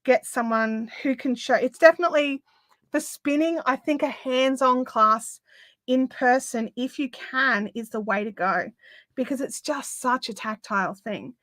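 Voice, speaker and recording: Chatty aussie lady on a craft stream, bright voice, bit high, dry close sound. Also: measured pace, no room sound. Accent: Australian. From Australia. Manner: chatty, lots of fillers, laughs easily. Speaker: craft livestream host. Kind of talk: casual chat, reading viewer comments.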